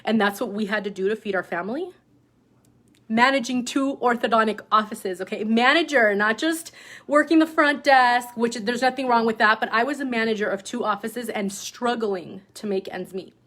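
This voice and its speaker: A woman telling a personal story to her sales team in a casual, animated way, often adding "like" and "right?", and acting out what people said. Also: a little high, normal speed. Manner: acts out quoted dialogue in other voices. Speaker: direct-sales team leader.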